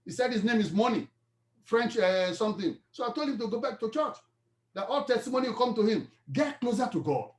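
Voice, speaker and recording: Man, nigerian accent, pastor preaching, high voice, echoey church hall. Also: fairly quick. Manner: storytelling, then preaching with rising fervor. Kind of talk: sermon.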